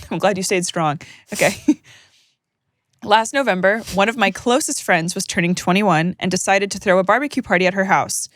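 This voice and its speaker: A woman co-hosting a podcast, reading listener stories aloud with joking, animated banter. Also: medium pitch, normal speed, no room sound, clean studio sound. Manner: animated, joking, laughs mid-sentence. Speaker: podcast co-host.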